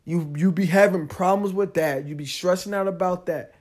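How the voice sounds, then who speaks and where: Man, young adult, podcast host, casual monologue, animated, fairly high voice. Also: moderate pace. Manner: animated, talks straight to the listener, rising loud when worked up.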